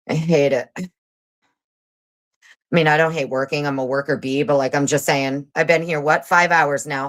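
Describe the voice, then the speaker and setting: Woman livestream host with a low voice, fast reader, sarcastic and swearing. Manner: sarcastic and profane. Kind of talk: casual livestream chat and reading aloud.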